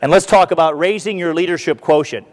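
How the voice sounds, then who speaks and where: An American man giving a conference talk as a keynote speaker, an animated storyteller who acts out what the crowd shouts. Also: on the high side, quick pace, big-room sound. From United States. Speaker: keynote speaker, retired army colonel. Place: large conference hall.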